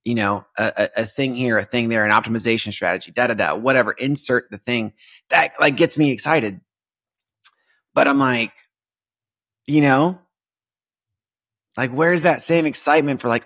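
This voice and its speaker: A man's voice: medium pitch, moderate pace, fairly bright tone. Casual man musing on faith. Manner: conversational, many fillers and restarts. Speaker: podcast host.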